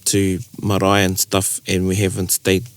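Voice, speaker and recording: A New Zealand man with a fairly low voice talks through ideas in a relaxed co-host chat. He has a New Zealand accent and slips Māori phrases into his English. The sound is close and dry. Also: normal speed, dry recording. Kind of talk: casual bilingual chat.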